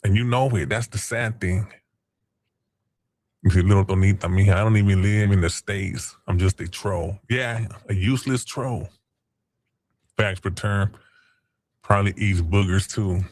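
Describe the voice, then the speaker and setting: A man's voice: lowish voice, unhurried, pauses often, darkish tone, no echo. A man hosting a casual livestream, taunting chat users in crude, profane slang. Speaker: stream host.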